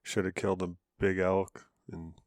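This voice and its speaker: A man co-hosting a podcast, telling a story in a relaxed, self-deprecating way and chuckling between phrases. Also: sits low, normal speed, no echo, clean studio sound. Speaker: podcast co-host. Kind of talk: casual chat.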